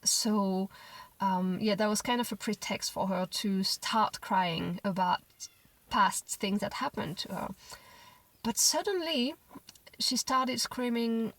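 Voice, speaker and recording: A young mother telling a personal parenting story to camera in a gentle, reflective way, often restarting her sentences. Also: on the high side, slow, vocal fry, no room sound, distant mic, low-quality recording. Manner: reflective, gentle, with frequent restarts and soft quoted asides.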